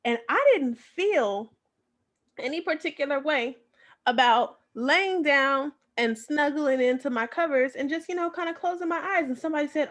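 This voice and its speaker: A woman's voice: high voice, moderate pace. A woman co-hosting a podcast, chatting casually and telling stories animatedly with frequent laughs. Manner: animated storyteller, laughs often. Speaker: podcast co-host. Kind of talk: casual chat.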